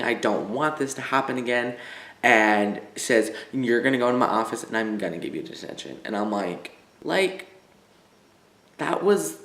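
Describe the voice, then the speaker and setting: A man's voice: medium pitch, fairly bright tone. A teenage boy from the United States telling a rambling school story with lots of fillers. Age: teens. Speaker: vlogger. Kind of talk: casual story time. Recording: echoey room.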